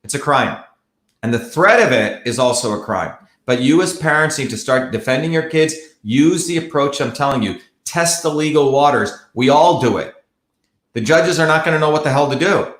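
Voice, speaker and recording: A combative man hosts a heated livestream, hammering his points home bluntly and repeating them. His voice sits a touch high for a man. The sound bounces around an echoey room. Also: lively intonation, moderate pace, fairly bright tone. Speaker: livestream host. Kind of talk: heated live commentary.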